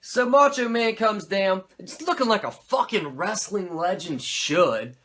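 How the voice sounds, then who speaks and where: A man hosting a podcast, recapping an old wrestling show in a profane, animated, rambling way. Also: high voice, unhurried. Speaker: podcast host.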